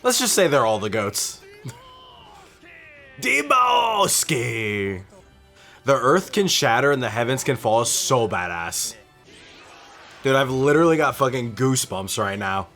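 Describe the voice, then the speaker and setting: Excitable young man reacting, lively pitch. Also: normal speed, soft background music. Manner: excited, swears often, laughs a lot. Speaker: reaction video host. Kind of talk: casual reaction commentary.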